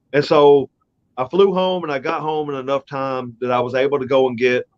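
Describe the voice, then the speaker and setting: A middle-aged man hosting a casual podcast, telling a personal story in a rambling, profane, emotional way. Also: mid-range voice. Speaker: podcast host. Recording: dull lo-fi audio.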